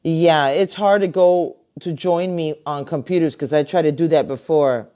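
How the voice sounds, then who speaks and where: A middle-aged woman and grandmother hosting a casual live video chat from her computer, talking in a chatty, warm-hearted way with many fillers and restarts. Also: low-pitched, moderate pace, clean tone, muffled recording. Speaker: host. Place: home, at a computer. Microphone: computer mic on a live video call.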